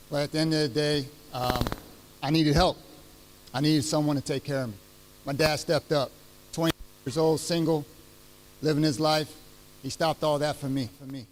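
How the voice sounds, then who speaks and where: A middle-aged man giving his retirement ceremony speech, heartfelt and halting, with many fillers and restarts. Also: fairly high pitch, a little hiss or hum, low-quality recording. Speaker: retiring chief master sergeant giving a speech. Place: ceremony venue.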